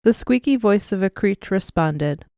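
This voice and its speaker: Woman reading an audiobook, smooth clear voice, steady, dry close recording. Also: mid-range voice, no echo. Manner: even, measured storytelling. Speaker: audiobook narrator. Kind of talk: scripted narration.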